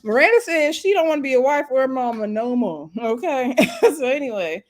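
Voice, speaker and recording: A woman's voice: high-pitched, lively intonation, moderate pace, darkish tone. A woman recapping a TV episode in a casual, chatty way, often laughing as she tells the story. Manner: chatty, laughing storyteller who acts out quotes. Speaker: TV show reviewer.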